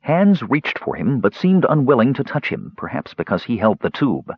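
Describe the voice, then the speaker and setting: A man narrating a fantasy audiobook in a dramatic, animated storytelling manner, in a dull lo-fi recording. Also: mid-range voice, normal speed, few pauses, husky, dry recording.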